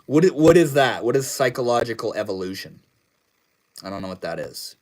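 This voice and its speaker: A young man hosting a casual livestream, reading chat messages aloud and answering in a laid-back, slangy way that trails off into low mumbles. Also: animated, brisk, a little mellow, poor audio. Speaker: livestream host.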